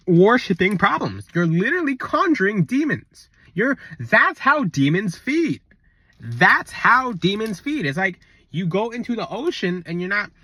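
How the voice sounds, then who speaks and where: A man's voice: sits high, bright, forceful tone, husky, dry recording. A man talking in a casual spiritual vlog, blunt and rambling, on a close mic. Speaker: spiritual content creator.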